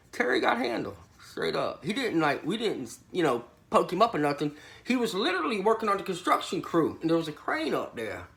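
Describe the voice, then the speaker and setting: Animated rambling man telling tall tales. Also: high-pitched, brisk, gravelly. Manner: rambling, slangy, keeps saying literally. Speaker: satirical prison storyteller. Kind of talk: comedic monologue to camera.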